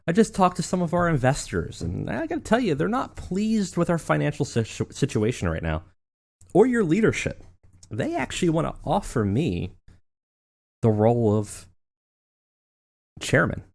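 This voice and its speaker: A man's voice: mid-range voice, takes it slowly, heavily acted. A man voicing a scheming wrestling executive who smiles as he taunts his boss. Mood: smug. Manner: smirking, calm, sly.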